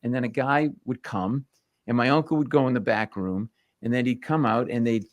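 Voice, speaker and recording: A male comedian telling family stories on a talk show, animated and punchy, slipping into voices. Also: medium pitch, fairly quick, dry recording. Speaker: comedian guest. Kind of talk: comic storytelling.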